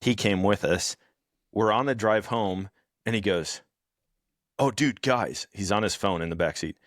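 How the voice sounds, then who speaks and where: A man's voice: on the low side, normal speed, no echo, studio quality. A middle-aged man co-hosting a podcast, telling parenting stories in casual chat, often laughing and acting out what others said. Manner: storytelling, laughs often, acts out quotes. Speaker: podcast co-host.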